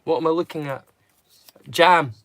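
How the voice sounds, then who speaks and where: A man's voice: on the high side, normal speed, a bit bright, dry recording. A man from Europe, hosting a live watch-along stream and rambling casually to his viewers. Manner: rambling and chatty.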